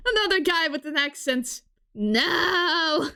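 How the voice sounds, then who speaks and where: A woman's voice: high voice, lively intonation, measured pace, noisy background. A woman streaming a game, making giggly, self-mocking asides between lines. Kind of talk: casual game stream commentary. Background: game music.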